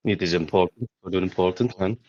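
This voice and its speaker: Deep-voiced man player, muffled mic. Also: fast talker, a little mellow. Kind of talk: casual in-character play.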